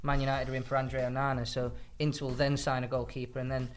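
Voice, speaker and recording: A man's voice: medium pitch, flat delivery, quick pace. A man appearing as a football correspondent on a podcast in a studio, explaining points while thinking aloud. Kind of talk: casual podcast discussion.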